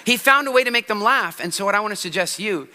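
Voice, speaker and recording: A man giving a live seminar in a large hall, energetic and playful, drawing the audience into acting things out with him. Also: high voice, fast talker. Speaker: public speaking trainer. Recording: roomy hall with long reverb.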